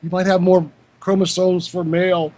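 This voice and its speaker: Male chat guest, high-pitched, halting and curious, thinks aloud. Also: little pitch movement, darkish tone. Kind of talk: casual group chat.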